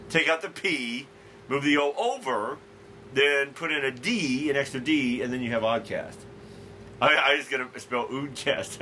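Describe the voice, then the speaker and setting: A man talks casually on his podcast, joking at his own expense and stumbling through restarts as he goes. His voice is bright and forward. A faint room ambience sits behind him. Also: medium pitch, slight background noise. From Southern Illinois, USA. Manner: self-amused, joking, trips over his words. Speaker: podcast host. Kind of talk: rambling casual podcast monologue.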